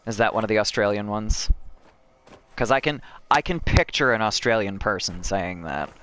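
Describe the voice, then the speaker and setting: A young American man streams a game, chatting with viewers and swearing when frustrated. His voice is on the low side with a slightly bright quality, and he speaks at a normal speed.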